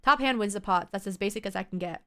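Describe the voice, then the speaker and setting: A woman's voice: medium pitch, fast talker, pushed and bright, clear, resonant tone. A woman streaming a game, chatting casually with viewers and rambling between story moments. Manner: chatty, rambling, greets chat. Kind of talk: casual gameplay commentary. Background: game music.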